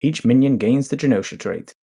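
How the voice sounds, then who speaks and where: A man co-hosting a podcast, joking and explaining things slowly with fillers. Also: mid-range voice, animated, vocal fry, mellow, slightly rough. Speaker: podcast co-host. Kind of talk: casual podcast chat.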